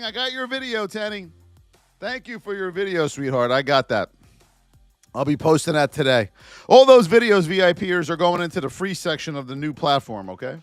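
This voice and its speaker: A hoarse man hosting a live trading stream, energetic and shouting out viewers by name. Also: on the high side, moderate pace, no room sound, clean studio sound, soft background music. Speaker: livestream trading host. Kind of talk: hyped live-stream market commentary.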